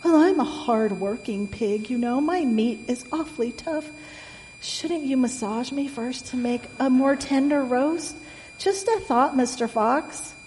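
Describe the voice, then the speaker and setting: Piglet for a storybook: high, sweet-talking little boy pig, slow and wheedling, a woman reading it aloud, echoey room. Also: darkish tone, slight background noise. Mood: coaxing. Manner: sweet, coaxing, polite. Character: small clever pleading male piglet.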